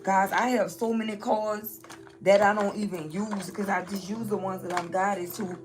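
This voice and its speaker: With music in the background, a New Orleans tarot reader shuffles her cards for viewers, emphatic and repeating lines, constantly checking in with "okay?" Her mid-range voice has fairly even intonation at a normal speed.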